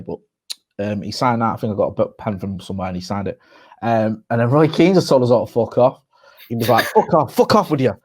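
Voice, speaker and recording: A young English man co-hosting a podcast, trading quick, teasing, sweary banter. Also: fairly low pitch. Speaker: podcast co-host. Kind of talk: casual chat.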